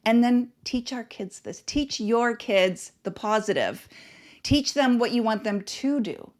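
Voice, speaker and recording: A woman with a fairly high-pitched voice hosts a parenting podcast. She talks in an earnest, instructive way and builds her points from short, emphatic phrases that she repeats. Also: animated, a little slow. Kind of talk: advice podcast monologue.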